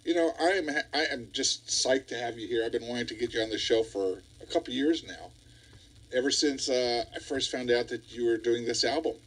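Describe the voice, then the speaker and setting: Male radio DJ, husky voice, enthusiastic, laughs along with the guest. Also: medium pitch, a little fast, fairly bright tone, poor audio. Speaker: radio show host, DJ. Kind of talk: radio interview.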